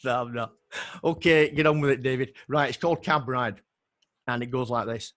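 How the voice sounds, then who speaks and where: A man's voice: mid-range voice, moderate pace, a bit bright, no echo. A middle-aged man from northern England with a Yorkshire accent, reciting his own poems with rhythmic pacing and chatting between them. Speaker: poet. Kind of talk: poetry reading on a video call.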